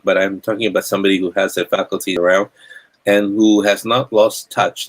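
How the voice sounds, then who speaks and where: A man's voice: deep voice, poor audio. A man hosting a live podcast in casual chat, blunt and rambling, often repeating words as he starts a thought. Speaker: podcast host.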